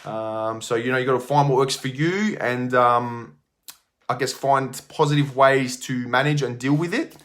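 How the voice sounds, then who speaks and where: A man's voice: mid-range voice, normal speed, a bit bright. A middle-aged man, telling a story casually to camera as a gym owner, rambling with many fillers and restarts.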